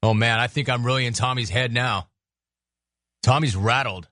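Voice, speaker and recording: A man's voice: medium pitch, fairly bright tone, no room sound, clean studio sound. A man hosting a sports talk radio show, riffing in a sarcastic, mocking way. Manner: sarcastic, mocking, rapid riffs.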